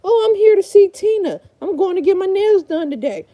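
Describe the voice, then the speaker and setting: A woman's voice: extremely high pitch, lively intonation, a little fast, warm tone, dull audio, voice pushed up. A woman voicing a polite young client arriving at a salon, prim and sweet.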